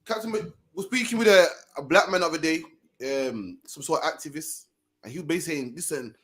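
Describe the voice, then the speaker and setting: Fast-talking husky male host. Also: fairly high pitch. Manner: fast, forceful, preachy, keeps saying "man". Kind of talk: casual commentary chat.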